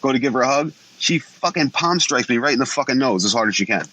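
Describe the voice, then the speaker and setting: Expressive and quick, with a pushed, bright medium-pitched voice, a man in his forties who used to wrestle rambles casually through blunt, profanity-laced stories as a podcast guest. The poor audio has slight background noise.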